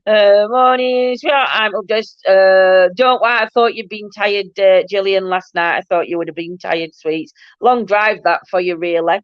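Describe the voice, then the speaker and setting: A woman's voice: mid-range voice, measured pace, no echo, lo-fi sound. A woman with a broad Barnsley Yorkshire accent, hosting a chatty livestream and laughing often as she reads viewer comments. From Yorkshire, England. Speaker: livestream host. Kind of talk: casual chat reading viewer comments.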